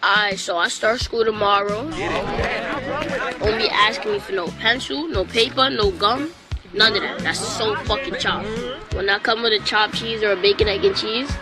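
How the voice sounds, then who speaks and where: A man's voice: high-pitched, fairly even intonation, moderate pace, a loud crowd. A man delivering a brash, profane comedic rant. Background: music.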